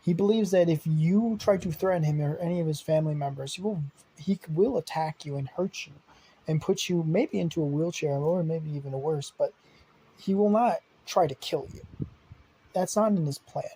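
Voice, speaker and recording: A young man tells an improvised story in a loose, rambling way, stumbling over restarts and dropping casual curses. His voice is husky and mellow, sitting a little higher than most men's. He sounds off the cuff rather than scripted. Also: moderate pace, low-quality recording. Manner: rambling, with fillers, restarts and swearing. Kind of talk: improvised fan-fiction storytelling.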